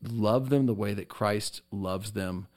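A man's voice: fairly low pitch, slow pace, a little mellow. A man who co-hosts a faith podcast and teaches at a seminary, speaking in an affirming, teacherly way. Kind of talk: casual chat.

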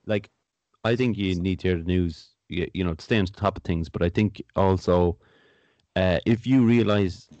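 A man in casual podcast chat, speaking in a reflective, measured way and repeating words as he thinks things through. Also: low voice, a little mellow, no room sound, dull audio.

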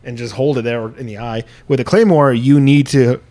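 A man's voice: mid-range voice, fairly even intonation, fairly quick, darkish tone. A man chatting casually on a podcast, hesitant and full of fillers, often repeating words. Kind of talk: casual chat.

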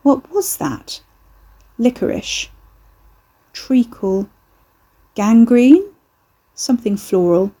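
A woman reading a story aloud as a narrator, in a steady, even storytelling way. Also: a little high, slow, long pauses, husky. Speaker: audiobook narrator. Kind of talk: scripted narration.

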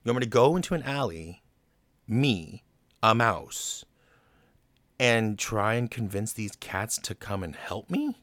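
A man voicing a small, nervous, excitable male mouse in a casual film recap, sounding flustered and pleading. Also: fairly low pitch, a little fast, hardly any pauses, no echo. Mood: incredulous.

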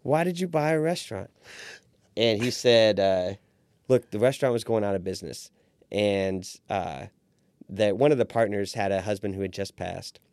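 A man's voice: fairly low pitch, moderate pace, dry recording. A man in his forties, a restaurant owner, telling his story as a podcast guest and acting out the voices of the people he quotes. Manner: animated storyteller who acts out quoted voices. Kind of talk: storytelling in a casual interview.

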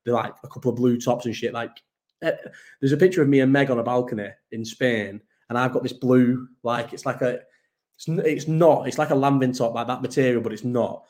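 A man's voice: mid-range voice, fairly quick, a little mellow. A man, hosting a live chat show and talking in a loose, rambling, self-mocking way with plenty of swearing. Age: 30s. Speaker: podcast host.

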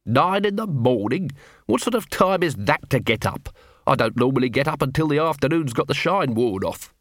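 Bloke doing a groggy grumpy watch captain, mumbly, just woke up. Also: male voice, medium pitch, expressive, normal speed, dry recording, clean studio sound, natural voice. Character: groggy cynical middle-aged watch captain.

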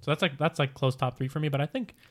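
A man co-hosting a podcast in casual chat, rambling and animated, swearing now and then. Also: a little high, fast talker. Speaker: podcast co-host.

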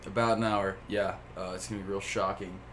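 Man, podcast co-host, loud, profane banter, lowish pitch, casual chat. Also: flat delivery, fairly quick, slight background noise.

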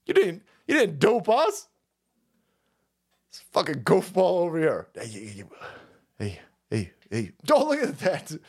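A man's voice: on the high side, wildly swooping pitch, takes it slowly, pauses often, breathy edge. A man hosting a livestream, ranting about politics in a profane, rambling way and laughing often. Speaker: livestream host.

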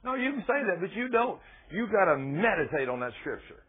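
A husky-voiced man preaches a folksy, emphatic sermon with scripture readings. His voice sounds thin and narrow, like a phone-line radio broadcast. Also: high-pitched, big pitch swings, fairly quick.

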